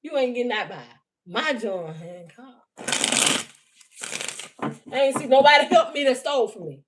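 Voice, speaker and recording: A woman doing an unscripted livestream reading, talking in a heated, profane and mocking way, often laughing, and reading out messages slowly word by word. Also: on the high side, expressive, heavy background noise. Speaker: livestream spiritual reader.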